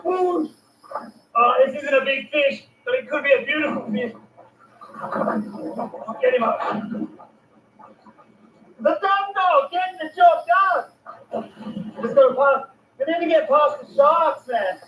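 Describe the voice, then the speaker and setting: A man's voice: very high-pitched, animated, measured pace, long pauses, highs cut off, a little hiss or hum. A young Australian man enthusiastically narrating his fishing vlog from a boat at sea, full of exclamations and slang. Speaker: fishing vlogger. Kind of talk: excited outdoor vlog commentary. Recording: distant, echoey mic.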